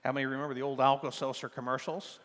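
An older man preaching a sermon as pastor, moving from soft storytelling to loud, emphatic exhortation. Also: medium pitch, little pitch movement, very fast. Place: church sanctuary. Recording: long hall reverb.

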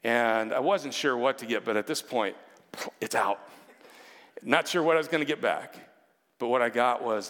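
A man's voice: medium pitch, moderate pace, long pauses, a bit bright. A man in his fifties telling a personal story to an audience, chatty and self-deprecating, with many asides. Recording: long hall reverb.

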